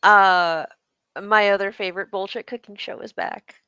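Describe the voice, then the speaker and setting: A woman's voice: medium pitch, steady tone, normal speed, bright, forceful tone, smooth, no echo. A woman co-hosting a casual fan chat show, joking and speculating with enthusiasm. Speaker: podcast co-host.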